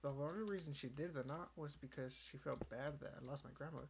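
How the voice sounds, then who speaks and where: In a slightly high voice and at a slightly quick clip, a young podcast host chats casually, rambling and swearing. "You know" shows up in almost every line, and keyboard clicks and noise sit in the background.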